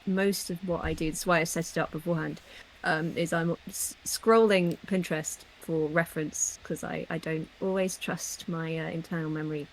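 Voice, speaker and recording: A woman's voice: deep voice, normal speed, a little hiss or hum, low-quality recording. A woman artist chatting casually and relaxedly while she draws on a live stream. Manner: relaxed, talks while working. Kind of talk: casual chat while drawing.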